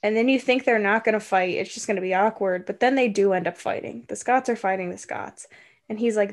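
A woman's voice: mid-range voice, gravelly. Breezy woman recapping a movie. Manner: breezy, acts out characters with quick offhand voices. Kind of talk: casual chat.

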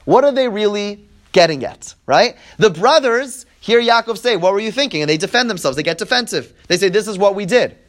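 A man with a high, lively voice teaches a text-study class at a slightly fast clip. This Bible teacher reads verses aloud, translates them line by line and acts out the quoted speakers. He explains things step by step, often checking in with his listeners with "right?"

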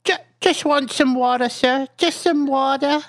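A man's voice: very high voice, a little slow, dry recording, clean studio sound, voice pushed up. A man doing a whiny little farm boy. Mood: pleading. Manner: whiny, wheedling plea. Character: small, oddly muscular farm boy pleading innocently.

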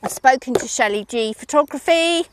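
A woman chatting casually about her horses, giggling often and filling pauses with ums. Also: high voice, lively intonation, slight background noise. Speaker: horse owner vlogger. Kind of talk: casual chat.

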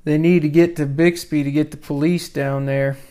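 A man co-hosting a podcast, recapping a movie in a measured, deliberate way. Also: on the high side, little pitch movement, warm tone, smooth. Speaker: podcast co-host.

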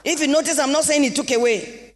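A Nigerian woman pastor delivering an impassioned sermon with sing-song rises and shouted exclamations in a church hall. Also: high voice, fast talker, a little hiss or hum. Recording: long reverb of a large hall.

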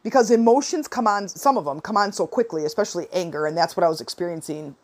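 A woman's voice: lowish voice, quick pace. A woman in her forties giving advice in a casual, chatty talk, with lots of fillers and acted-out quotes. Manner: chatty, animated, many fillers and quoted asides.

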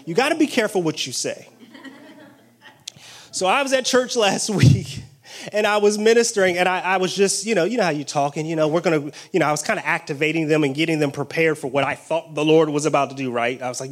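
A man preaching a sermon with excited exclamations and call-and-response energy. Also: sits high, fairly quick.

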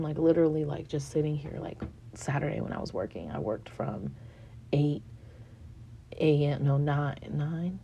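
A woman in her thirties talks candidly to the camera, rambling and frank with plenty of fillers and swearing. Her voice sits low and gravelly with a mellow, darker tone. Faint room noise sits under the recording. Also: highs cut off. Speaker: vlogger. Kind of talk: candid personal venting.

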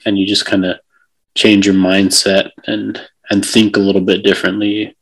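A man's voice: fairly low pitch, little pitch movement, moderate pace, breathy edge, rough recording. A man co-hosting a podcast, reflectively explaining an idea step by step. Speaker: podcast co-host. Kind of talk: casual conversation.

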